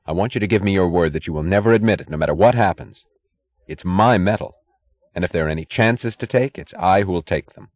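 A man's voice: low-pitched, fast talker, a little mellow, no room sound. A man voicing a stern, determined male steel magnate in an audiobook, speaking firmly and in clipped phrases. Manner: firm, clipped, commanding.

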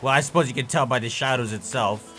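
A young man giving let's play commentary, with excitable and exaggerated frustrated rants. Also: mid-range voice, quick pace, faint music behind. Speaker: gaming YouTuber.

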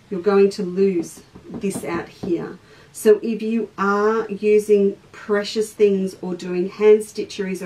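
A woman's voice: mid-range voice, darkish tone, recorded from a distance, poor audio. An Australian woman hosting a live sewing demonstration, chatty and breaking off from the task to greet viewers. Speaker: craft teacher and shop host. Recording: voice a little off-mic, faint background noise.

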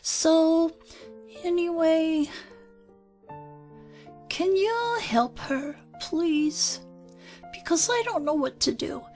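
A woman's voice: very high-pitched, animated, very slow, pauses often, a little mellow, soft background music, exaggerated voice. A woman speaking as her inner child, an earnest, anxious five-year-old girl who rambles and apologizes. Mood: worried. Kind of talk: spoken channeling session.

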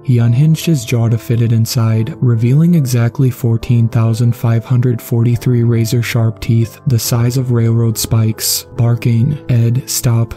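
A man narrates a horror story in a deadpan, level way. His voice is very dark and mellow and barely moves in pitch. Soft guitar music plays quietly behind him. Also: measured pace, few pauses. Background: faint guitar music.

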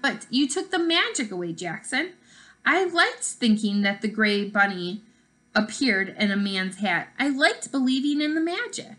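A woman voicing a spirited, playful young schoolgirl in a read-aloud storybook, speaking emphatically with a raised, bouncing pitch. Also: sing-song, unhurried, bright, forceful tone, full character voice. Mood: teasing.

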